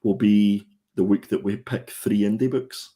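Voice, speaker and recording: A man's voice: on the low side, fairly even intonation, unhurried, dark tone, husky. A man hosting a comic review show, chatting casually with fillers and laughs. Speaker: podcast host. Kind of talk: casual chat.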